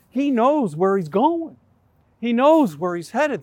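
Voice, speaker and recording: A man preaching with a high, lively voice that swoops up and down as he tells the story. He talks like an animated storyteller from the pulpit and acts out what the crowd shouts. The sound is dry and close. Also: slow pace, husky, no room sound. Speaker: pastor. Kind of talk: sermon.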